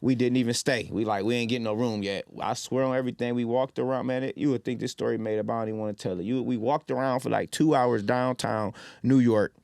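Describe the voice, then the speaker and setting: A man from Detroit in his thirties, guesting on a podcast and spinning street stories in an easy middle register. He jumps into loud acted-out quotes as he tells them. The sound is dry and close, with no room around it. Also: medium pitch, quick pace, creaky, few pauses, no room sound. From Detroit, Michigan. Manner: animated storyteller, loud when acting out quotes. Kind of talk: casual storytelling.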